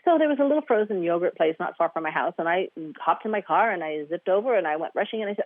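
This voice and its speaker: Animated woman on a tinny phone line. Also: on the low side, fast, no echo. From Guam. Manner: animated, acts out quoted voices, laughs often. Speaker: guest, eating disorder therapist. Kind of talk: storytelling in a podcast interview.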